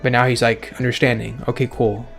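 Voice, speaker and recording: A man's voice: mid-range voice, level tone, a little fast, creaky, fairly bright tone. A man giving casual, sarcastic commentary with frequent swearing as he reacts aloud to a game's dialogue. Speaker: let's play gamer. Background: faint game music.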